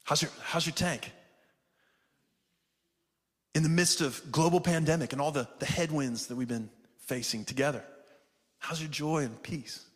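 This pastor speaks at normal speed in a higher voice, leaving long pauses as he preaches with passion. His calls to the congregation, peppered with "man," echo around a reverberant hall.

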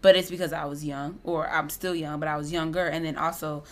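Woman co-host, casual chat, slightly low voice, relaxed and thoughtful. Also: brisk. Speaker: podcast co-host.

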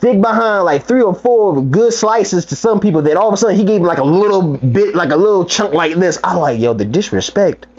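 Young man telling lively stories in casual chat. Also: a little fast. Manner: animated storytelling, acts out quotes with big pitch jumps and laughs. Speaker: podcast co-host. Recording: slightly muffled, lo-fi sound.

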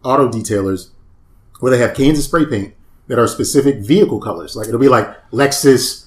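A man's voice: medium pitch, brisk, echoey room. A man co-hosting a casual chat, explaining things in a patient, matter-of-fact way. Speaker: podcast co-host.

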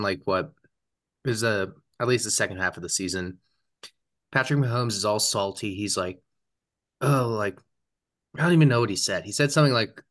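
A man's voice: fairly low pitch, a bit bright. A young man on a sports podcast, brash and trash-talking. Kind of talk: casual sports chat.

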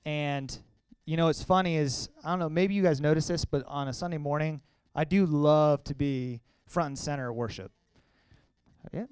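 A young man sharing a personal testimony with a congregation, talking earnestly and conversationally, sometimes halting with emotion. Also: on the high side, darkish tone, smooth, dry recording. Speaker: church speaker sharing testimony.

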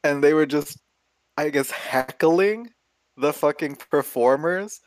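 A man's voice: on the high side, slow, dry recording. A man telling a rambling story in casual chat, swearing a lot and laughing as he goes. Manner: profane, rambling, laughs as he talks.

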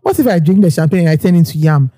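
A young woman, co-hosting a podcast and telling an anecdote in casual chat, animated and quick to laugh as she acts out what people said. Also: on the low side, dry recording, studio quality. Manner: animated, laughing often, acting out quoted people. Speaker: podcast co-host.

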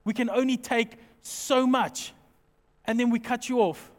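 A man preaching a sermon as pastor, animated and jokey, acting out small everyday scenes as he talks. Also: very high voice, measured pace, big-room sound.

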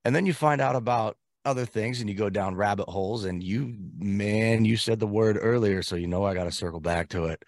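A man's voice: fairly low pitch, fairly quick, hardly any pauses, no room sound, studio quality. A man co-hosting a podcast in casual chat, laid-back and slangy with a joking tone. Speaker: podcast co-host.

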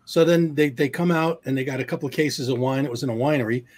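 A man's voice: medium pitch, fast talker, darkish tone. A man co-hosting a comedy podcast, telling anecdotes in casual chat and swearing now and then. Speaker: podcast co-host.

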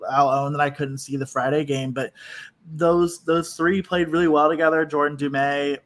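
A man's voice: a little high, steady tone, normal speed, a bit bright. Chatty man hosting a podcast. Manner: loose, self-deprecating rambling. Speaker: podcast host. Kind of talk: casual chat.

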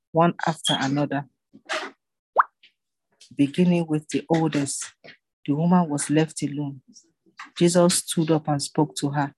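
A reader narrating scripture in a steady, even way. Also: medium pitch, slight background noise, rough recording.

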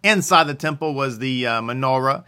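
A man's voice: medium pitch, moderate pace, pushed and bright, clean tone. A man giving a religious teaching in a conversational way, often asking questions and then answering them himself. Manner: conversational, asks and answers his own questions.

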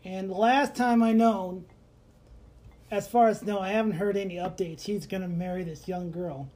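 Laughing, animated male podcast co-host. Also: high-pitched, normal speed. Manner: animated storyteller, laughs often. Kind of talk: casual chat.

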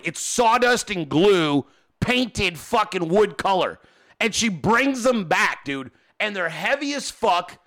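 High, bright-voiced man ranting. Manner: animated, exasperated, heavy cursing. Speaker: podcast host. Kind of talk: profane storytelling rant.

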